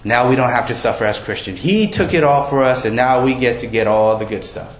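A man's voice: medium pitch, fairly quick. A man preaching a sermon in a conversational way, often asking his listeners questions. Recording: roomy with faint background noise.

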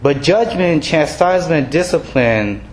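A man's voice: a little high, animated, a little slow, a little hiss or hum. A man preaching a sermon in a conversational way, mixing scripture with everyday examples and playful voiced quotes. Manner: conversational, self-deprecating, acts out quoted voices. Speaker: pastor.

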